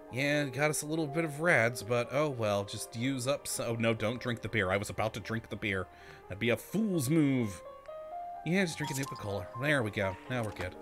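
A man hosting a let's-play video, chatting casually to himself and laughing often as he plays. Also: mid-range voice. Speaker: gaming channel host.

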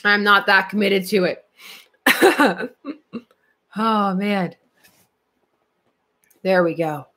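Hosting a live comics channel, a woman answers viewer chat while searching at her computer, giggling a lot and thinking out loud. Her medium-pitched voice is bright and forceful, and she speaks extremely slowly with frequent pauses.

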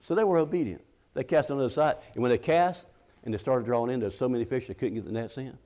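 A man's voice: mid-range voice, fast talker, mellow. A middle-aged man preaching a sermon in a folksy, conversational way, often restarting his sentences and acting out the scripture quotes.

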